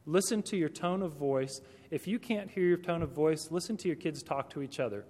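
A man gives a conversational talk addressed directly to Christian educators, filled with rhetorical questions. His voice is a little high and a little mellow, and he speaks a little fast. Long hall reverb colors the recording.

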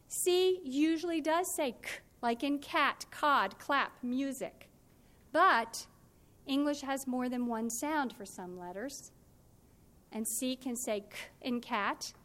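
A woman leads a phonics and spelling workshop, explaining clearly, patiently, and instructively. Her voice sits high.

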